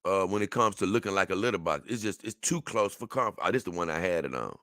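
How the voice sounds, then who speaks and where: Man, casual reactor, bright voice, dry close sound, animated and exclaiming. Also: sits low, fast talker, dry recording. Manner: animated, exclaiming and laughing, dips into mock voices. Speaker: video reactor.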